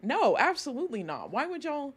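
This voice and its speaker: A woman's voice: high voice, huge pitch swings, brisk. A woman streamer, chatting to her audience and ranting with outrage and laughter. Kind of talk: casual live-stream chat.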